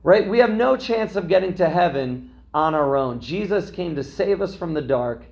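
Brief: male pastor, a parent, preaching in a relaxed talky style, tags lines with "right?", voice a touch higher than most men. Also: normal speed, vocal fry. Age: young adult to middle-aged, a parent. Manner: conversational preaching, frequent "right?" asides. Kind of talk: sermon.

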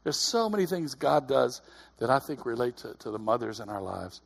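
A man's voice: medium pitch, sing-song, moderate pace, vocal fry. A man in his fifties preaching a sermon in a conversational way, with repeated calls of "Amen?" and laughing asides. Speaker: pastor.

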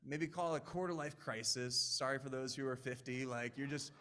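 A man's voice: mid-range voice, brisk, fairly bright tone. A man in his late twenties preaching a sermon in a conversational, earnest way, with frequent asides to the audience. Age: 20s.

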